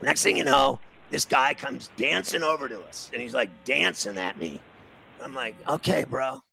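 A middle-aged man tells a casual anecdote and acts out every bit of quoted dialogue. His voice is heavily gravelly and full of fry. It has a bright, forceful edge. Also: medium pitch, animated, moderate pace, a little hiss or hum, rough recording. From New York City.

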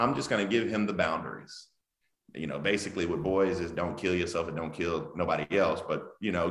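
Deep-voiced man in an echoey room. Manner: animated, laughing, emphatic. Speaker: guest author. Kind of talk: casual interview over video call. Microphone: video call. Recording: echoey room on a video call.

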